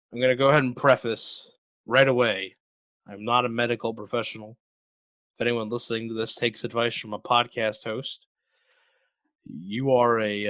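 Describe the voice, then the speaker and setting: A male podcast host talks in a loose, rambling way, tossing in jokes and plenty of fillers. His voice sits at an ordinary middle pitch. The sound is dry and close, with no room echo. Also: pushed and bright. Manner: rambling, jokey, lots of fillers. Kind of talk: casual chat.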